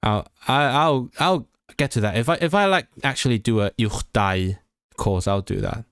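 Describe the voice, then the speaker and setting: A language-learning streamer, a young man, reads and chats his way through a casual study session, stumbling and self-correcting as he thinks aloud. His mid-range voice is a bit bright and clean, at a moderate pace, captured in a dry, clean studio recording.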